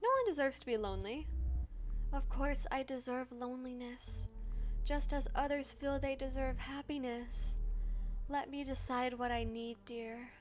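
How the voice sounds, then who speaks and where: A woman voicing a lonely, melodramatic female vampire ghost from a game, in a slow, wistful, theatrical way. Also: high-pitched, soft background music. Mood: mournful. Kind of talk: reading a game's dialogue aloud.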